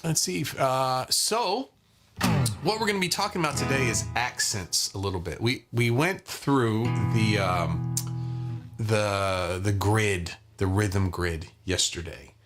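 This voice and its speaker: A man's voice: on the low side, takes it slowly. A man hosting a live guitar lesson in a casual, chatty way, greeting viewers by name and using lots of fillers. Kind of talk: casual live-stream teaching.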